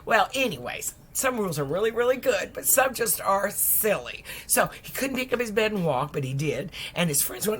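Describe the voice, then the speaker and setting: A woman preacher retelling a Bible story in a lively, conversational sermon, dropping at times into soft whispers. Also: medium pitch, normal speed, hardly any pauses, a little hiss or hum. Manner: lively, acts out voices, drops to whispers.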